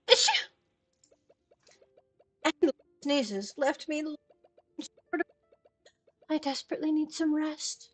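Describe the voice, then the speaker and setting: A woman's voice: high voice, dry recording, recorded from a distance, voice pushed up. A woman voicing a sneezy, apologetic older woman who runs a shop in a cozy game, reading the dialogue aloud and breaking it with acted sneezes.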